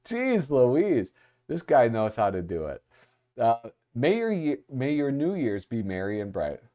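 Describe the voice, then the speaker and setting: A man's voice: mid-range voice, huge pitch swings, unhurried, mellow, dull audio. A man hosting a livestream, chatting casually as he flips through art. He gets distracted easily and reads out chat comments. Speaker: livestream host.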